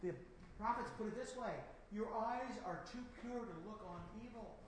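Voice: medium pitch, normal speed, reverberant, a little hiss or hum, poor audio. A Bible teacher preaching a verse-by-verse sermon, emphatic and full of rhetorical questions.

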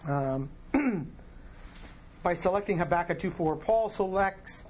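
A man leading a Bible study, explaining verses in a relaxed teaching way and posing rhetorical questions to his class. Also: sits high, slow, a little hiss or hum.

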